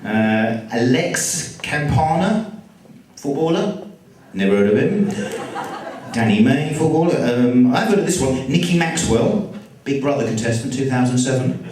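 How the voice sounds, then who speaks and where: A man's voice: mid-range voice, lively intonation, measured pace. An English man doing chatty, self-deprecating stand-up comedy to a live audience in a school hall, bantering with the crowd. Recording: echoey hall, mic from far off.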